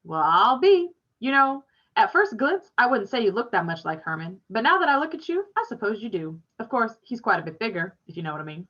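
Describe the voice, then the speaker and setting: A woman's voice: mid-range voice, expressive, fast, few pauses, bright, forceful tone. A woman reading aloud, voicing a friendly, talkative older man who teases a boy. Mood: chatty. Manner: teasing, chatty. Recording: dull lo-fi recording.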